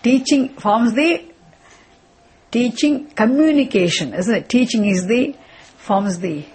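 Breathy woman teaching a scripture class. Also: fairly high pitch, slow pace, a little mellow. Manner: repetitive, questioning, restarts phrases. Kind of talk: classroom lecture.

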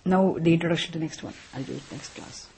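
A woman teaching a class on scripture, speaking deliberately and often checking in with "isn't it?". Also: sits low, darkish tone. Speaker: Vedanta teacher.

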